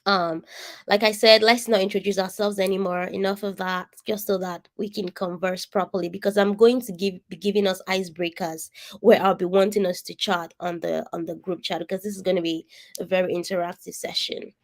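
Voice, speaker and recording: A woman's voice: medium pitch, level tone, fairly quick. Nigerian woman, coach, nasal distinctive voice, earnest and direct, video call. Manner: earnest, emphatic, addresses listeners directly. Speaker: coach leading an online session. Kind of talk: interactive coaching talk.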